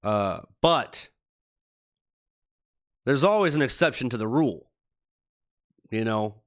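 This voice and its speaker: Slow-talking man ranting on a stream. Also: medium pitch, animated. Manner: profane, heated, rambling. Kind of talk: casual ranting live stream chat.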